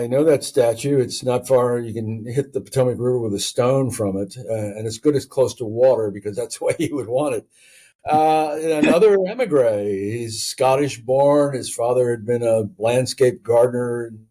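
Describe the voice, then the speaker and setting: Male author guest, warm mellow voice, unhurried storyteller who pauses on fillers. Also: mid-range voice. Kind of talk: conversational history interview.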